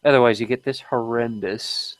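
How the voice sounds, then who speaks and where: A man's voice: medium pitch, steady tone, normal speed, dry recording, low-quality recording. A man hosting an unplanned live stream, chatting casually and often stopping to restart his sentences.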